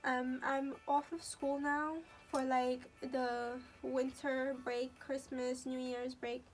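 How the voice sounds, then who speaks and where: A high-voiced teenage girl chats her way through a makeup tutorial, calling out each step as she works. Her pitch stays fairly level, and soft music plays underneath. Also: flat delivery, slow. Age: teens. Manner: chatty, narrates each step as she goes. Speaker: beauty vlogger.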